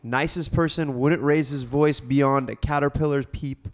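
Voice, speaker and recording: A man hosting a casual podcast, talkative, with quick asides and casual swearing. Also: medium pitch, steady tone. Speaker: podcast host. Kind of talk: casual chat.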